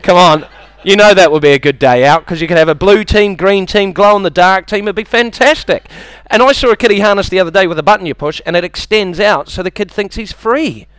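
A man's voice: high voice, a little fast, a bit bright, clean tone, no echo. A man with a New Zealand accent doing a stand-up comedy set, chatty and self-mocking, slipping into silly impressions.

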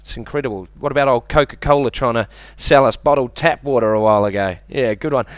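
A man with a New Zealand accent doing a deadpan, self-deprecating stand-up set and bantering with the audience on a club stage. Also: mid-range voice, fast, dry recording. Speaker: stand-up comedian. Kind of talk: stand-up comedy routine.

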